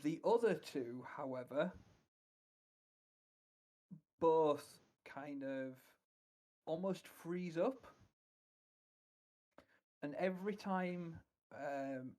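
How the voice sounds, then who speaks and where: A man's voice: fairly high pitch, very slow, long pauses, mellow. A man narrating as dungeon master in a tabletop game, hesitant and full of "kind of" and "um".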